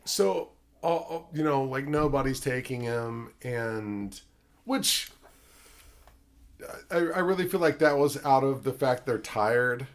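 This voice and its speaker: A man hosting a podcast, chatting casually and excitedly about a film, rambling with restarts and frequent swearing. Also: medium pitch, slow pace. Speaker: podcast host.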